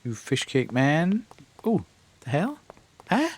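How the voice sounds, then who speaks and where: Scottish man streaming, lively jumpy reactions. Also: fairly high pitch, takes it slowly, slightly rough. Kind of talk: live horror game commentary.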